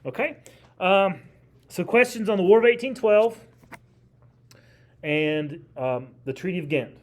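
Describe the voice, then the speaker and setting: A man with a fairly high voice lectures a history class in a classroom. His delivery is conversational but emphatic. He keeps throwing questions out to his students. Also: unhurried. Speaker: history teacher.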